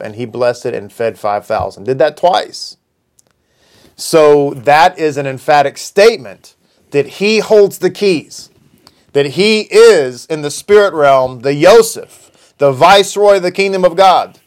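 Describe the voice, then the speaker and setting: A man teaching from scripture, reading quoted passages aloud and explaining them at an unhurried pace. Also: on the high side. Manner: unhurried, reads quotes aloud then explains, with some restarts. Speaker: Bible teacher.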